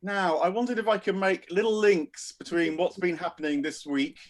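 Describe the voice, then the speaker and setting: British male speaker, high voice, thoughtful rambling over video call. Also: normal speed. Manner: thoughtful, meandering with fillers. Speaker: philosophy speaker. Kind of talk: casual talk on video call.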